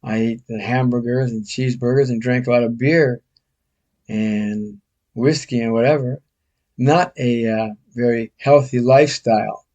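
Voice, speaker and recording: A man's voice: mid-range voice, mellow. Older American man, casual storyteller, rambling and self-mocking.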